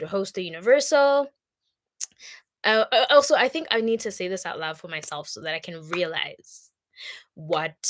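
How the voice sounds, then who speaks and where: Young woman, casual vlog to her future self; emotional, teary, chatty, slightly low voice. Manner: emotional, teary, chatty, with laughs and sudden loud bursts. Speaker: vlogger.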